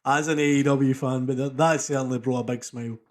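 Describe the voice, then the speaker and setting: A man's voice: mid-range voice, fairly even intonation, fast talker. Enthusiastic man chatting. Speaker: podcast co-host. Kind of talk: casual chat.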